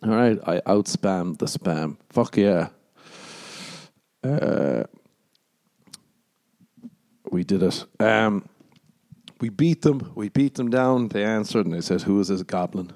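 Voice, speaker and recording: A man's voice: fairly low pitch, lively intonation, takes it slowly, pauses often, darkish tone. A man with an Irish accent hosting a podcast and rambling in casual chat, self-deprecating and swearing a lot. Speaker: podcast host, stand-up comedian.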